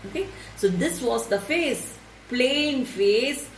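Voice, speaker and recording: A woman with a fairly high voice, walking a class through a story line by line. She repeats key points and asks questions to check understanding. The recording sounds roomy and echoey, taken from some distance, with faint noise behind it. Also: animated, slow pace. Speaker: English teacher. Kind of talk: reading a story aloud and explaining it line by line.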